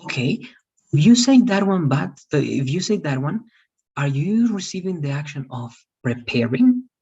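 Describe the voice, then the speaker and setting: A man's voice: on the high side, big pitch swings, normal speed, dark tone, slightly rough. A man teaching an English lesson, patiently explaining grammar step by step and asking his student questions. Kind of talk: online class lesson. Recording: distant lo-fi mic.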